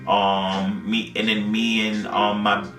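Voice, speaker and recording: A man's voice: on the low side, flat delivery, takes it slowly, a bit bright. A man co-hosting a casual podcast, telling a wild night-out story in slang, swearing freely. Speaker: podcast co-host. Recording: roomy sound, mic at a distance, faint music.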